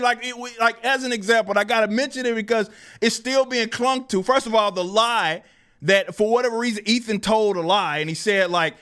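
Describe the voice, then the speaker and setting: Animated, incredulous man ranting on stream. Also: a little fast, clean tone. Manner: animated, incredulous, swings between loud exclamations and low muttering; laughs often, swears freely. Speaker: livestream host. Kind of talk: casual livestream rant.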